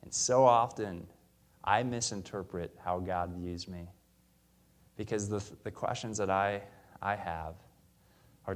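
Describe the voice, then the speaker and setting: A man's voice: low-pitched, steady tone, takes it slowly, pauses often. A young man preaching a sermon in a church, earnest and conversational, telling personal stories with the odd filler.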